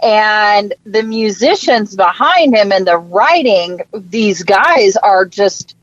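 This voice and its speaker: A woman's voice: mid-range voice, animated, slow pace, dry recording. Enthusiastic woman author, muffled audio. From Florida. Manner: enthusiastic, hesitant fillers. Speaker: author guest. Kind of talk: casual interview chat.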